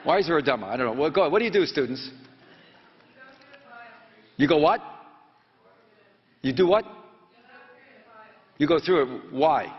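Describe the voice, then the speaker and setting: A man's voice: on the high side, big pitch swings, vocal fry. Rambling older man in an echoey hall. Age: 70s. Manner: rambling, halting, full of fillers and restarts; prods the audience with quick questions. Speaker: reporter giving a talk to students. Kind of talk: lecture storytelling with audience questions. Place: lecture hall. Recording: echoey hall, dull lo-fi sound.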